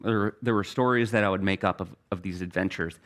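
A middle-aged man preaching a sermon as pastor, earnest, telling stories and slowing down for key phrases. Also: sits low, steady tone, fairly bright tone.

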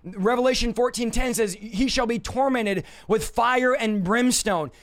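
A male preacher with a very high voice, delivering a sermon with urgent intensity. He tells vivid stories and acts out desperate pleas along the way. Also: unhurried, fairly bright tone.

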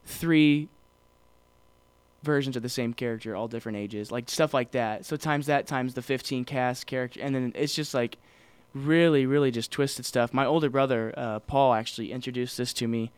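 A man's voice: mid-range voice, steady tone, normal speed, smooth, no room sound. A man co-hosting a podcast in casual chat, rambling with many fillers and restarts. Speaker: podcast co-host.

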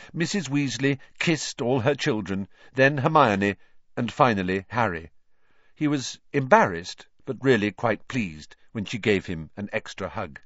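A man reading a story aloud in an expressive, measured way. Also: lowish voice, no room sound, dull audio. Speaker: audiobook narrator. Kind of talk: scripted storybook narration.

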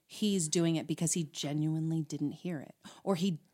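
A woman on a relationship podcast, telling a personal story in a lively way and acting out both sides of an argument. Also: low voice, moderate pace, dry recording, studio quality. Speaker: podcast co-host. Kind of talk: casual chat about relationships.

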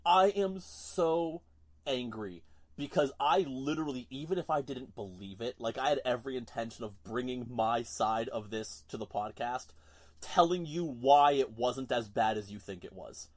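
A man's voice: mid-range voice, moderate pace. A man co-hosting a casual podcast, ranting in an exasperated, emphatic way. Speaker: podcast co-host.

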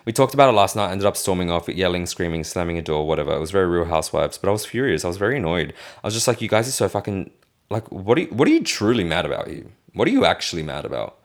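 Deep gravelly-voiced man venting. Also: sing-song, racing. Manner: venting, indignant, swears freely. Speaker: vlogger. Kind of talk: casual vlog rant.

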